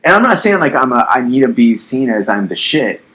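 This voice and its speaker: A man's voice: medium pitch, very animated, fairly quick, fairly bright tone, poor audio. A young man in his twenties hosting a casual podcast, rambling bluntly with lots of swearing and fillers; his voice sounds youthful. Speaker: podcast host.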